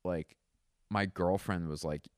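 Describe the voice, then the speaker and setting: A man's voice: low-pitched, fairly even intonation, slow, darkish tone, no echo, clean studio sound. A man around thirty talking in a casual, rambling monologue at home, often mocking himself and laughing. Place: indoors at home.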